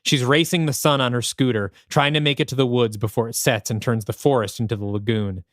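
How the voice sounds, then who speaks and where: A man co-hosting a podcast narrates a story pitch, thinking aloud as he goes. His voice sits at an ordinary man's pitch, and the recording is dry and close. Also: fairly even intonation, fairly quick, no room sound. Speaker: podcast co-host.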